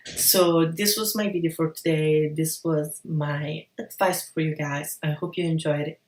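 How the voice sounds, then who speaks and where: A woman with a fairly low voice talks straight to her viewers in a frank, upbeat vlog. She curses now and then. The sound is roomy, with her a little back from the mic. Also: fairly even intonation, unhurried, a little mellow, distant mic, a little hiss or hum. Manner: frank, encouraging, casual swearing. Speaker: vlogger. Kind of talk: casual advice vlog.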